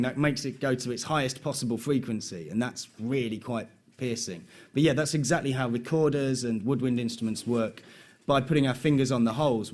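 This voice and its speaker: A man's voice: mid-range voice, a little mellow. A man explaining sound demos to a live audience as a guest expert, chatty with fillers.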